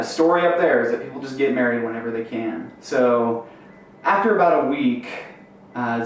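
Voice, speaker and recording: A young man telling a long rambling joke story with lots of fillers, building to a punchline. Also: mid-range voice. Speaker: amateur comedian. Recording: roomy echo, distant mic, faint noise.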